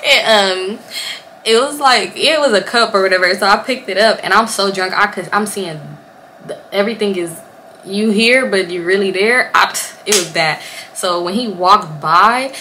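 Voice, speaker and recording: Young woman, bright voice, animated profane storyteller, vlog. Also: medium pitch, normal speed, a little hiss or hum. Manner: animated, profane, laughs often. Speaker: vlogger.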